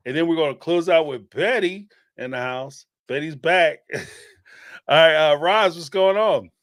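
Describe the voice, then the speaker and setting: A man hosting a call-in show, upbeat, quick to laugh and affirm his callers. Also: on the high side, animated, dry recording, studio quality. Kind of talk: casual call-in chat.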